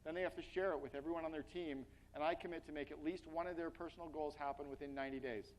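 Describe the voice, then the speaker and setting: Fast-talking energetic male keynote speaker. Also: fairly high pitch, a little hiss or hum, rough recording. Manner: energetic, blunt, addresses audience directly. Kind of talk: motivational business keynote.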